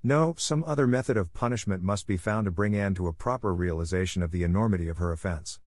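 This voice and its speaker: Male audiobook narrator, low voice, steady and even, dry close sound. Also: quick pace, dry recording. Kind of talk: scripted narration.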